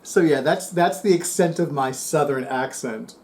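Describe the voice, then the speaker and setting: A man's voice: fairly high pitch, moderate pace, darkish tone. A man from New Jersey hosting a casual book review vlog, chatty and rambling with many fillers. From New Jersey, USA. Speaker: BookTube channel host.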